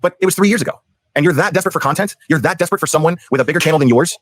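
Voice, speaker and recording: A man giving critical commentary about another creator, scornful and dismissive. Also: fairly high pitch. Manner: scornful, rapid-fire. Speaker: rival content creator.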